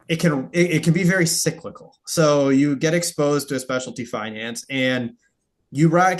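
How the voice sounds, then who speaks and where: A man co-hosting a dividend investing show in casual chat, explaining things steadily and laughing easily. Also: medium pitch.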